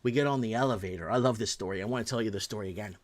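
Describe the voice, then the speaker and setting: A man's voice: on the low side, very fast. A man hosting his own talk show, ranting in solo commentary, blunt and profane and often repeating himself.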